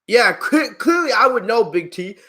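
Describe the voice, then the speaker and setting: A man's voice: very high voice, very animated, normal speed, sharp tone. A man hosting a live-stream wrestling review, ranting in an exasperated, heated way at viewers in his chat, swearing freely and laughing at them. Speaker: wrestling channel host.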